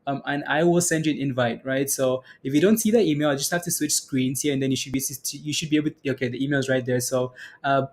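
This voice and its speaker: Excitable man hosting a trading livestream. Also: mid-range voice, fast. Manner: excitable, repeating prices, hyping viewers. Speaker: stock day-trading livestream host. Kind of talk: casual livestream commentary.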